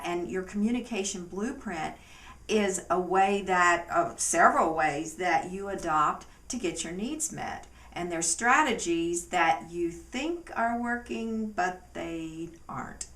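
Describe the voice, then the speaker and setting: Low-voiced woman coach in a roomy space. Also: slow, fairly bright tone, far from the mic. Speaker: relationship coach, co-host. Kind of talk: casual talk to camera.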